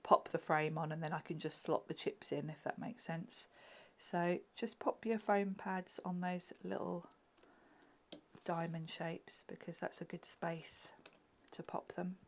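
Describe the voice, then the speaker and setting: A woman's voice: fairly low pitch, little pitch movement, normal speed, hardly any pauses, slight background noise. Giggly woman demonstrating crafts. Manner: chatty, giggly, often drops to a murmur while working.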